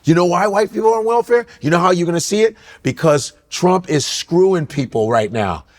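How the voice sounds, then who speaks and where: A middle-aged man co-hosting a podcast, talking in an animated, ranting way with incredulous outbursts. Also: high-pitched, a little fast. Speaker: podcast co-host. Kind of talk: casual comedic chat.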